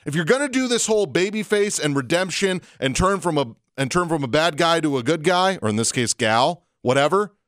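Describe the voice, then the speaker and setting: A man co-hosts a wrestling podcast in a casual rant, his voice swinging widely up and down as he stresses each point. He talks on the high side for a man, close and dry on the mic. He drags out key phrases for emphasis. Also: animated, a little fast, hardly any pauses, fairly bright tone, dry recording. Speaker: podcast co-host.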